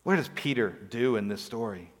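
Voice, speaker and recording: A man's voice: mid-range voice, expressive, moderate pace, long reverb tail. A man preaching a sermon, telling a story with acted-out quotes and rhetorical questions. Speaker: pastor.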